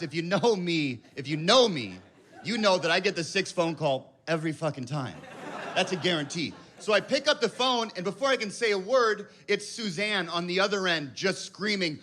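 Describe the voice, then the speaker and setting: A man in his thirties doing stand-up, telling a story about himself in an animated, self-mocking way. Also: sits high. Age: 30s. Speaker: stand-up comedian. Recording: live club with audience laughter. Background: audience laughter.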